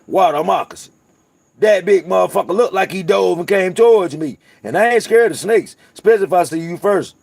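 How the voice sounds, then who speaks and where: A man's voice: high voice, fairly quick, creaky, a little mellow, dry recording. A man from North Carolina with a Southern accent, chatting casually and profanely to his viewers as host of his channel, rambling through stories. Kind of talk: casual livestream chat.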